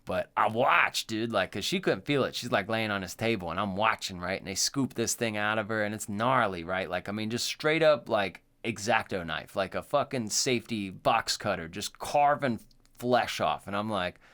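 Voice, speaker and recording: Middle-aged male podcast co-host; loose, rambling storyteller with a very lively pitch. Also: normal speed. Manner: rambling, filler-heavy storytelling. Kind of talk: casual chat.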